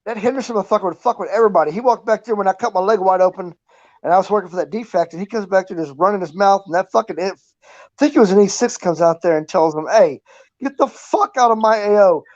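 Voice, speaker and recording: An army veteran, a woman, swaps crude barracks stories in casual chat, swearing and laughing throughout. She talks very fast in a mid-range, slightly mellow voice with no echo, though the audio is muffled and lo-fi.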